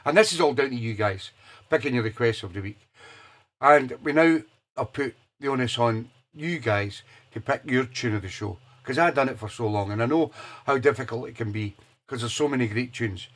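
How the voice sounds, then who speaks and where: A man's voice: mid-range voice, moderate pace. A man, hosting a live soul radio show in a chatty, enthusiastic way with loose hesitations. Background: music playing.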